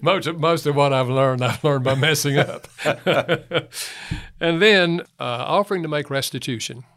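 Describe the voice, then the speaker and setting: A man's voice: fairly high pitch, unhurried, fairly bright tone. A man speaking as a guest author in an interview, telling anecdotes, chuckling and acting out quotes. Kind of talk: conversational interview talk.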